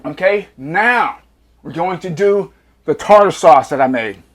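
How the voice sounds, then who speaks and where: Man, cooking vlog host, home kitchen, high-pitched, slow, hyped, slangy catchphrases. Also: expressive.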